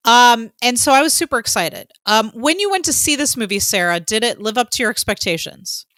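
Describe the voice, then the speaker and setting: A woman co-hosting a podcast in casual chat, an excitable fan who gushes and fills her talk with "um". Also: a little high, a little fast, dry recording. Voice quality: excitable, gushing fan with many fillers. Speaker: podcast co-host.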